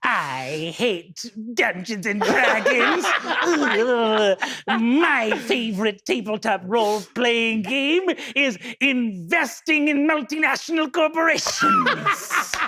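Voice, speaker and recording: A woman does a smug villain declaring his contrary tastes, in a bright, high voice with slow, drawn-out lines. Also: very animated, exaggerated voice.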